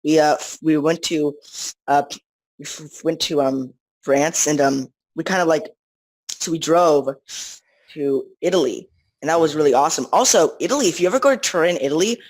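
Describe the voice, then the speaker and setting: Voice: medium pitch, moderate pace, dry recording, poor audio. A teenager chatting casually as a podcast co-host, rambling with lots of restarts and fillers. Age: teens. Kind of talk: casual chat.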